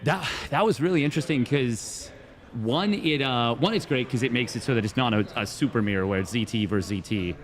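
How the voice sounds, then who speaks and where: A young man co-commentating a live esports match, restarting his sentences often and shouting when the action peaks. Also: medium pitch, fairly quick. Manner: lively, stammering restarts, big excited shouts. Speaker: esports co-caster.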